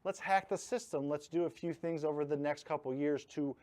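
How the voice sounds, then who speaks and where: A man's voice: a little high, normal speed, darkish tone. Man, blunt live training talk, jokey, punches key words. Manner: blunt, joking, leans hard on key words. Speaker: host teaching real estate investing.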